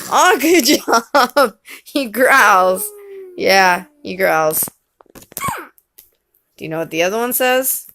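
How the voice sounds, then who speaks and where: A mother reading a picture book with her small child, coaxing and gently teasing. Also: mid-range voice, very animated, drawn-out words, long pauses, a little hiss or hum.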